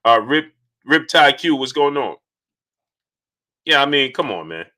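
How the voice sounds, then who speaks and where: Bright, animated man hosting a stream. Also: mid-range voice, a little slow. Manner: animated, repeats phrases, shouts out viewers. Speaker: live stream host. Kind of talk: casual live-stream chat reading super chats.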